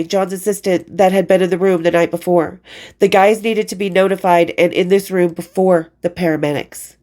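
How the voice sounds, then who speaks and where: Middle-aged woman reading her memoir aloud. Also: fairly low pitch. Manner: candid and expressive, with blunt swearing. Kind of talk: reading aloud from a book with casual asides.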